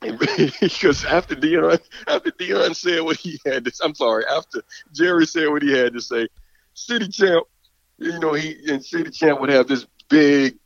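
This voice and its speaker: A man's voice: on the high side, animated, moderate pace, vocal fry, no echo. Laughing man telling an old team story. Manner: laughs often, repeats words, rambling. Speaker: former football player. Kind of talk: casual storytelling. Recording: dull, dry recording.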